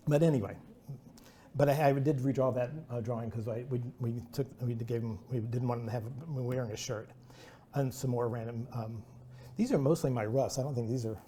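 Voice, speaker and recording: A man speaks at a presentation in a mellow, dark-toned voice at a middling pitch. He wanders through anecdotes, restarting sentences and joking at his own expense. Faint noise sits under his voice. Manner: rambling, chatty, self-deprecating with many restarts. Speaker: artist giving a talk.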